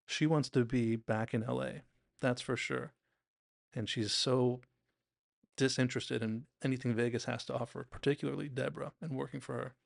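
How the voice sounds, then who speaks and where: A man's voice: medium pitch, fairly even intonation, normal speed, gravelly, dry recording, clean studio sound. A man hosting a podcast, casually and enthusiastically breaking down a TV episode with lots of "like"s. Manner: chatty, enthusiastic, acts out quotes, many "like"s. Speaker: TV recap podcast host.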